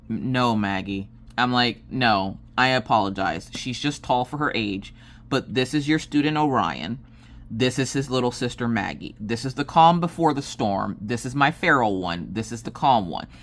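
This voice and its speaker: A woman's voice: rumbling low, expressive, moderate pace. A woman vlogger chatting while she crafts, drifting from her project into a long anecdote. She tells it in a loose, rambling way and voices the people in it as she goes. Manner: rambling storyteller who acts out quoted dialogue. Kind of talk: casual chat while crafting.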